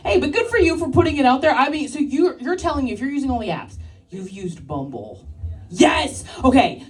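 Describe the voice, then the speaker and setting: A woman in her thirties works the crowd during a stand-up set on a live club stage, full of brash, crude banter and frequent laughter. Her voice is on the high side and sounds far from the mic.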